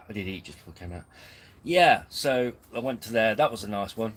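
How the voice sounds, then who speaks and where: A man's voice: lowish voice, animated, a little fast, a little hiss or hum, poor audio. A man hosting a casual live stream from his tent, rambling and self-deprecating. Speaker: camping channel host. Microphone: camera on tripod.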